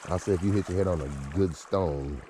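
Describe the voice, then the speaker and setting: A man in his thirties vlogging casually outdoors while walking, excited and informal, often chuckling. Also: low-pitched, background noise. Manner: excited, exclaiming and chuckling, drawn-out asides; relaxed informal talk with slang. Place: outdoors in snowy woods by a creek.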